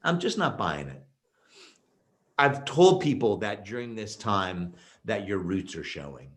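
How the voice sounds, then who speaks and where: A man's voice: fairly low pitch, a little slow. A man giving a virtual keynote presentation, telling stories emphatically with lots of fillers. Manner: energetic, emphatic storyteller with many fillers. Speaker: keynote speaker.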